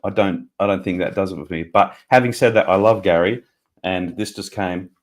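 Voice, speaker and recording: Deep-voiced Australian man calling in. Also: normal speed. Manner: chatty, laughs often, jokey. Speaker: caller. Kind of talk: casual call-in chat.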